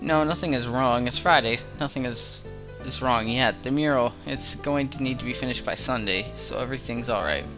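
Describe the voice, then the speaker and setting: A spacey teenage girl artist with blunt, dreamy remarks, read flat and deadpan by a man in his own mid-pitched voice. Music plays clearly in the background. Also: moderate pace, lightly acted.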